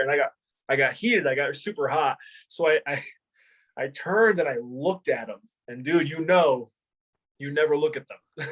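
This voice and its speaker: A man's voice: fairly high pitch, fairly bright tone, rough recording. A man in his thirties, a former Marine and martial arts instructor, telling stories in a casual interview, swearing freely, laughing and rambling with fillers. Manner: rambling with many fillers and restarts.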